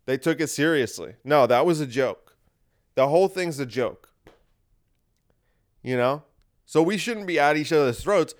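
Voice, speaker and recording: A man's voice: on the high side, lively intonation, measured pace, pauses often. A man hosting a podcast, talking in a casual, wry and rambling monologue that circles back and repeats itself. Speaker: podcast host.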